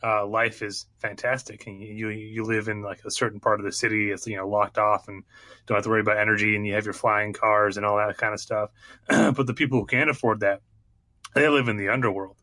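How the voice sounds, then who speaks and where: Bright-voiced man pitching jokes. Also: little pitch movement, a little fast, dry recording. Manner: joking, pitches movie ideas, clears throat often. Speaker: podcast co-host. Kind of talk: casual chat.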